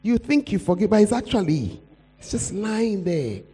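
Pleading pastor preaching in an echoey hall. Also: male voice, sits high, very animated, moderate pace, warm tone, slightly rough. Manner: pleading, call-and-response with congregation. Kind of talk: sermon. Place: church hall. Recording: echoey hall with mains hum.

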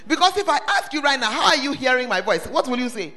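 A man preaching a sermon, quizzing the congregation with questions and breaking into shouts. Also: very high voice, sing-song, fast. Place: church service hall. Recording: long reverb of a large hall.

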